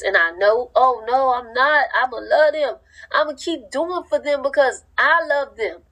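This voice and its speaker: A woman's voice: on the high side, moderate pace, a bit bright, rough recording. A woman preaching with a fervent, emphatic cadence and informal speech. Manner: informal speech with dropped verb endings. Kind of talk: sermon-style teaching.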